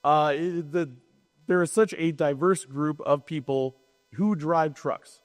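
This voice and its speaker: A man co-hosting a casual panel talk at a trade show, quick and joking, with sarcastic asides. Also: on the high side, fairly even intonation. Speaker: podcast co-host. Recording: long hall reverb.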